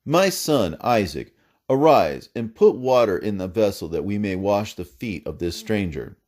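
A man's voice: fairly low pitch, very animated, a little slow, darkish tone. A man voicing a hospitable, grave old male patriarch with a solemn, commanding manner.

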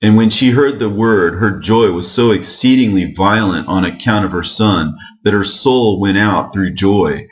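A man narrating an old religious text in a measured, steady reading. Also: fairly low pitch, rough recording. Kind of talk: scripture reading.

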